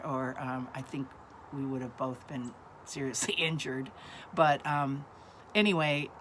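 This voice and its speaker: A woman in her sixties casually telling a family story, halting often with ums and uhs. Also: low-pitched, fairly bright tone, a little hiss or hum.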